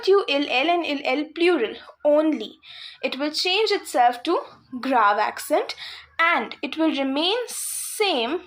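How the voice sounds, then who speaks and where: A woman's voice: high voice, a bit bright. A woman teaching a French lesson to beginners, patiently repeating words and spelling out endings. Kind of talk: slow explanatory lesson for beginners.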